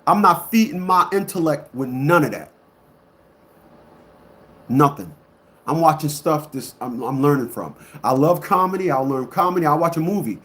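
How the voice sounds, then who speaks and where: A man's voice: animated, moderate pace. Blunt, emphatic man ranting. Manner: swings between loud outbursts and low muttering. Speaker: online commentator. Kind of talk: ranting monologue to a live audience.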